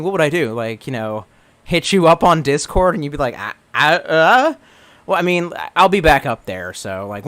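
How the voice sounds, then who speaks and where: A man whose voice is a little high chats casually on a livestream and reads the chat aloud. He rambles, swears, stammers through restarts, and moves back and forth between excited and gloomy moods.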